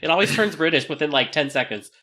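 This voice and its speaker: A man co-hosting a casual podcast, reading listener mail with a lively, bouncing pitch. His delivery is animated and full of jokey asides and laughter. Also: fast. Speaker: co-host reading listener email.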